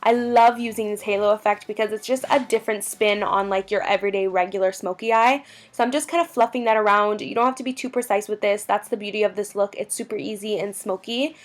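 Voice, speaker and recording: A woman's voice: mid-range voice, fairly even intonation, fast. A young woman narrating a makeup tutorial, gushing about products in a bubbly, chatty way. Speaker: beauty vlogger.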